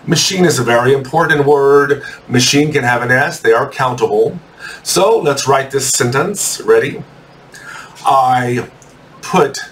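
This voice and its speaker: Slow, deliberate man teaching from a distance. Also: mid-range voice, a bit bright, slight background noise. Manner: deliberate, spells words out letter by letter. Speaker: English teacher. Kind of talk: slow dictation lesson for children. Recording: distant mic with faint room ambience.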